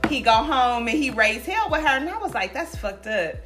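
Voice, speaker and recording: A woman's voice: high-pitched, lively intonation, a little fast, a bit bright, faint music behind. A woman in a candid casual chat, telling a story in a frank, reflective way.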